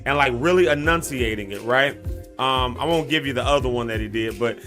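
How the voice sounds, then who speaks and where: A man's voice: medium pitch, a little fast, over music. A man with a Southern US accent hosting a live morning stream, chatting loosely with viewers, laughing often and calling them y'all. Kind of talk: casual live-stream chat with breathing tips.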